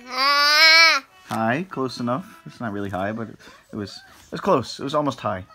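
A man's voice: medium pitch, animated, quick pace, fairly bright tone. A man filming his baby son at home, coaxing and teasing him in a playful way. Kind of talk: casual home video.

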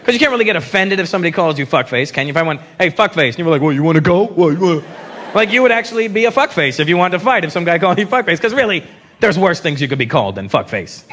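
Brash, profane stand-up comedian. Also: male voice, high voice, very animated, racing, a bit bright. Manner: brash, profane, crowd-teasing. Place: comedy stage before a live audience. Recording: live stage mic with crowd noise.

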